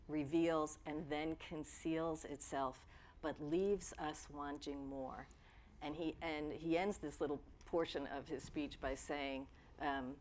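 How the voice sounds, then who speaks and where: A woman talks onstage in a low voice, measured and unhurried. She reflects aloud with care, letting each thought settle before the next. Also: a little mellow, slight background noise. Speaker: author in a public conversation. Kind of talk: live onstage conversation.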